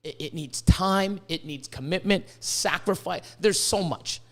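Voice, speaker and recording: Speaking at a measured pace in a voice that sits high, a man from Canada hosts a podcast in casual chat. He curses frequently and stumbles on repeated words as he presses his points.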